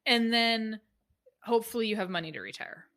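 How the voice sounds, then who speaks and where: A woman with a high-set, bright voice chats casually as a guest. She talks in a lively way and acts out her own past reactions as she goes. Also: brisk. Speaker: guest, financial author. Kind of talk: casual conversation.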